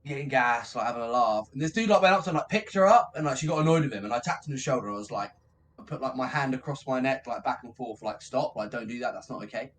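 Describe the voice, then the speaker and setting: A man's voice: mid-range voice, fast talker, a little hiss or hum. A man, a band vocalist telling casual stories, swearing freely and calling people mate. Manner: swears freely, says "mate" often, animated. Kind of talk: casual storytelling chat.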